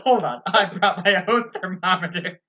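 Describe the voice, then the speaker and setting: A woman's voice: on the low side, normal speed, bright, forceful tone, highs cut off. A woman co-hosting a podcast in casual chat, laughing often and playfully retelling the story. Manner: laughs often, retells with silly put-on voices. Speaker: podcast co-host.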